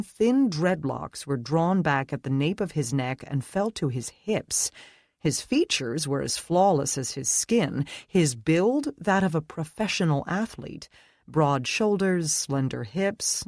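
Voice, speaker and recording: An audiobook narrator reading a romance fantasy in an expressive, measured way. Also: medium pitch, no room sound, studio quality. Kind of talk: scripted narration.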